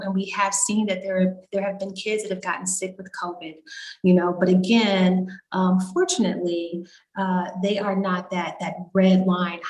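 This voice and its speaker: A woman doctor on a video call town hall, explaining health guidance in a reassuring way. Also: on the low side. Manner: reassuring, explanatory, frequent "you know". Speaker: doctor panelist.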